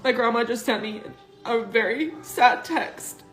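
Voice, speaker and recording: A woman's voice: fairly high pitch, a little slow, fairly bright tone, roomy sound, soft background music, low-quality recording. A woman talking earnestly and emotionally in a personal social media video.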